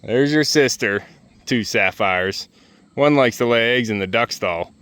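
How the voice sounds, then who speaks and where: A man's voice: medium pitch, normal speed, fairly bright tone, clear, resonant tone. A man vlogging from his homestead outdoors, chatting casually and coaxing his ducks, geese and turkeys along. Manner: coaxing, chatty talk to farm birds. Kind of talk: casual vlog narration. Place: outdoors on a farm yard and pasture.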